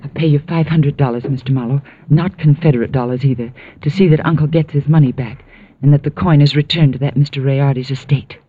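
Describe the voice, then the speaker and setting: A woman in 1940s radio acting, playing a collector's earnest, quick-tempered young niece, on a dull old radio broadcast. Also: a bass voice, fairly even intonation, slight background noise.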